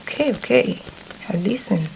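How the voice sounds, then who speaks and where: A woman voice actor playing a gruff, hot-tempered teenage boy who swears, blusters and gets flustered, speaking to the listener in an audio role-play. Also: mid-range voice, expressive, normal speed, a little mellow, a little hiss or hum, poor audio.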